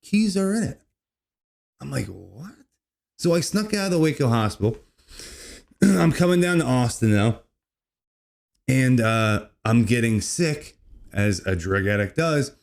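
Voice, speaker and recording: A man's voice: unhurried, creaky, long pauses. Rambling man telling a wild story. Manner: rambling, says "dude" constantly, lively swings in pitch. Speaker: comedy podcast host. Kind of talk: casual storytelling monologue.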